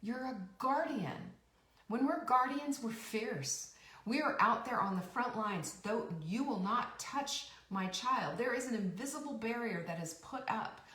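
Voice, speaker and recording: A woman's voice: on the high side, a bit bright, echoey room, recorded from a distance. A woman host giving a rousing motivational talk, emphatic and repeating her key phrases. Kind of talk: motivational live-stream talk.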